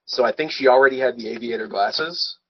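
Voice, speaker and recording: A man's voice: medium pitch, fairly quick, breathy edge, dull audio. A man co-hosting a podcast, chatting casually about a film with a sardonic edge, swearing freely and laughing often. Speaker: podcast co-host. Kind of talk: casual movie review chat.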